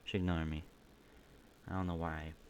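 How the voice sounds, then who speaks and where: A man's voice: rumbling low, little pitch movement, normal speed, darkish tone, highs cut off. A young man hosting his own podcast stream, rambling casually with opinionated takes, a bit groggy and burping. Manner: rambling, opinionated, many restarts. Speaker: podcast host ranking football teams. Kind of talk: casual solo stream commentary.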